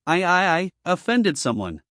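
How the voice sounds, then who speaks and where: A man's voice: high voice, huge pitch swings, moderate pace, fairly bright tone, no room sound, studio quality, exaggerated voice. A man voicing a flustered, stammering young female celebrity in a comic recap. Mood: panicked.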